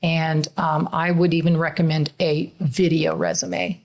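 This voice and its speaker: A woman's voice: deep voice, little pitch movement, unhurried, gravelly. A middle-aged woman, a mother co-hosting a podcast, talking in an earnest, emotional, conversational way. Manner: earnest, emotional, laughs through tears.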